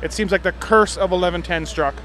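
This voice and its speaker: A man with a somewhat high voice, asking questions in a chatty, easygoing manner. He works the track after the race, with faint noise in the background. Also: fairly quick, fairly bright tone. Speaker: interviewer. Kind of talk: casual post-race interview. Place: outdoors at a motocross track.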